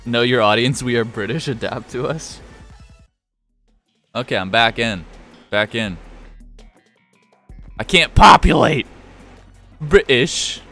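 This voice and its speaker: A man's voice: mid-range voice, measured pace, long pauses, a bit bright, faint music behind. A young man streaming a game, chatting casually with viewers, joking and swearing freely. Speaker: gaming streamer. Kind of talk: casual live-stream commentary.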